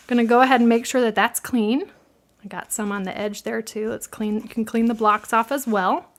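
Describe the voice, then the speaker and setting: Hosting a live craft session, a middle-aged woman with a Midwestern American accent speaks in a slightly high voice. She keeps things friendly and conversational, laughing readily while fielding viewer questions.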